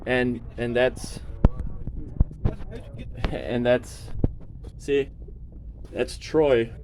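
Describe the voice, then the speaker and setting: A man filming himself at a shelter door, speaking haltingly and repeating words, then venting with growing agitation. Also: mid-range voice, fairly even intonation, noisy background. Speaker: person seeking shelter. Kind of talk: filmed confrontation and venting.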